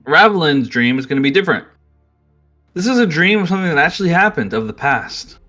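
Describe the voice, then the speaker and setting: A man narrating as game master in a casual, quick way. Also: fairly high pitch, sing-song, bright, forceful tone, soft background music.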